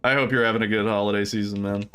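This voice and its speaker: A man's voice: on the low side, steady tone, very fast, bright, forceful tone, faint music behind. A young man livestreaming, chatting casually with viewers, rambling with fillers, laughing often and swearing freely.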